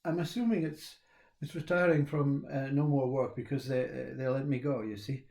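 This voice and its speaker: A man, talking in a rambling, reflective monologue, laughing often and halting with fillers. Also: mid-range voice, vocal fry, warm tone. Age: 60s.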